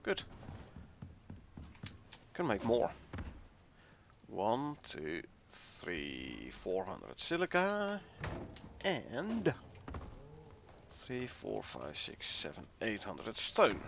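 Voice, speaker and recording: A man with a Dutch accent talks unhurriedly through a game livestream, greeting viewers as he goes. His voice has a gravelly edge and swings up and down a lot. A faint hiss of noise sits under the recording. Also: on the low side, extremely slow, pauses often. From Netherlands. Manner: relaxed, chatty, greets viewers while playing. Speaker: gaming livestreamer. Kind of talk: casual livestream commentary.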